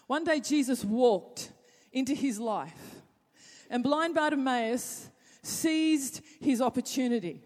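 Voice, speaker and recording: A woman preacher delivering a sermon, reading scripture and swinging from hushed asides to loud appeals. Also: high voice, slow, long reverb tail.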